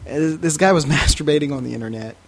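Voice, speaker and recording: A man's voice: fairly high pitch, fast, a little hiss or hum. A man co-hosting a podcast, telling crude stories in casual chat and laughing often. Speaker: podcast co-host.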